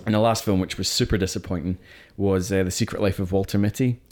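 Reviewing films as a podcast co-host, this man talks fast in a low, slightly mellow voice with fairly even intonation. The conversation is casual and opinionated, and he keeps restarting sentences.

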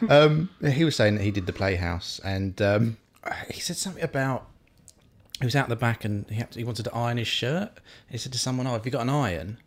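A man's voice: mid-range voice, fairly quick. A man from Essex, a comedian chatting casually, asking questions and telling anecdotes. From Essex, England. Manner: easygoing, asks questions, tells anecdotes. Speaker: stand-up comedian. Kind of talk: casual chat.

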